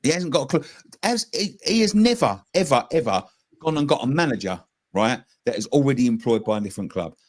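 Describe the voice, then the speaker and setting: A man's voice: medium pitch, animated, a little fast. A man, a passionate football fan pundit arguing heatedly and swearing in a casual debate. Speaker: West Ham fan pundit.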